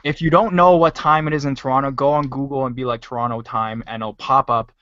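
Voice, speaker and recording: A man hosts a live stream in a mid-pitched voice, joking crudely and swearing casually. The audio is dry and dull, with a lo-fi call sound. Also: fairly even intonation, fast, fairly bright tone, no echo. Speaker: stream host.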